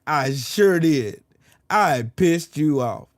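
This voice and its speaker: A man's voice: on the high side, lively intonation, slow, no room sound, studio quality. A man livestreaming, taunting and mocking someone, repeating his jabs and laughing hard. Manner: repeats phrases over and over. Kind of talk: live stream trash talk.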